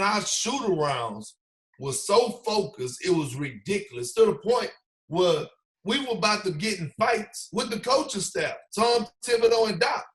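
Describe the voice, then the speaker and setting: A man telling stories in a casual, slangy way, acting out what others said. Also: sits high. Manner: animated storyteller, slangy, acts out quotes. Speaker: podcast guest, former basketball player. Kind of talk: casual storytelling.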